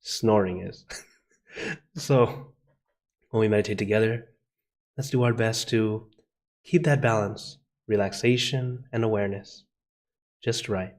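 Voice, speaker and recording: A man hosting a live guided meditation over a video call, greeting viewers by name with soft laughs, then slowing into gentle breathing cues. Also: on the low side. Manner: friendly, laughs softly between greetings. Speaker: meditation host. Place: outdoor meditation garden.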